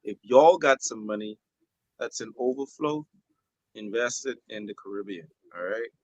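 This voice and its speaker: A man's voice: fairly low pitch, normal speed, no room sound, rough recording. A man with a Bahamian accent, a guest musician in a casual radio panel chat, speaking in an assured, affirming way.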